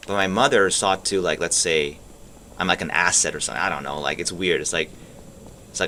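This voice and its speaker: A man's voice: low voice, fairly quick, pushed and bright, a little hiss or hum. A man rambling and musing aloud while playing a video game, swearing casually and trailing off mid-thought. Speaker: gaming streamer. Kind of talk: rambling commentary while gaming.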